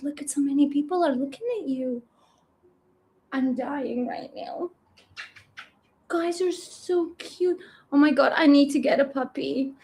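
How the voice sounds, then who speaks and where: A woman's voice: very high-pitched, darkish tone, slight background noise. A woman teaching a live online class from her home kitchen, bubbly and gushing, laughing often. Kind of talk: live-streamed class, casual and chatty.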